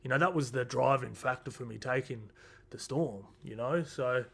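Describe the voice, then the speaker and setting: A man's voice: medium pitch, moderate pace, gravelly, breathy edge. A man, rambling casually through a rugby league round recap with lots of fillers and asides. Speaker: sports tipping vlogger.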